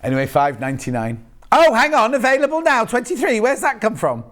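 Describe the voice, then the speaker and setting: Lively, chatty shopping-channel man. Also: very high voice, fairly quick. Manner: chatty, joking, rambling asides. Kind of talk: live TV selling chat. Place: TV studio.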